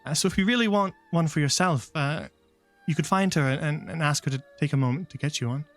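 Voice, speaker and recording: A bashful young rabbit girl minding a market stall in a tabletop game, as a man puts her on. Her voice sits high and eager, and she speaks hesitantly and politely. Soft music plays faintly behind. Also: fast talker, lightly acted. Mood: shy, helpful. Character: shy young female rabbit shopkeeper.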